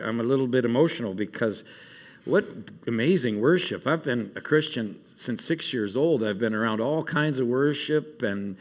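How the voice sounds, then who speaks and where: A middle-aged man giving an earnest, informal sermon at a summer camp, rambling and halting with fillers and restarts. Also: mid-range voice. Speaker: camp speaker. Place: meeting room at a summer camp.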